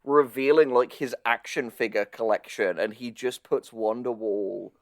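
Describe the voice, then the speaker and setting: A man's voice: medium pitch, steady tone, unhurried, no room sound, studio quality. A man co-hosting a podcast, casually recapping a cartoon episode, swearing and laughing as he tells it. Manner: storytelling, swearing, laughing often. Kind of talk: casual chat.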